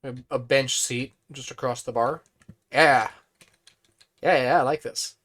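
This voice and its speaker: A man with a hoarse, fading voice, chatting casually on a live stream as he plays a building game and thinks aloud. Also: mid-range voice, steady tone, a little slow, fairly bright tone.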